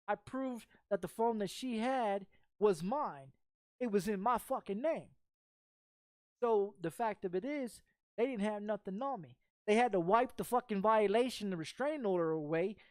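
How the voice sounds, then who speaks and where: A woman's voice: medium pitch, no echo, studio quality. A woman game streamer telling a story as a heated, profane rant, swearing constantly and sounding confrontational, on a desk mic.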